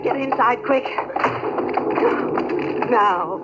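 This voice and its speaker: A woman's voice: on the high side, drawn-out words, highs cut off, over loud music. An actress playing a terrified mother hiding in an attic, pleading and breathless in 1950s radio drama style. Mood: frantic, pleading. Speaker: frightened housewife.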